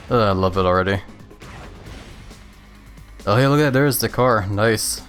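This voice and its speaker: A man's voice: on the low side, fairly bright tone. A man casually commenting while he plays a racing game on a live stream, chatty and laughing often as he thanks viewers.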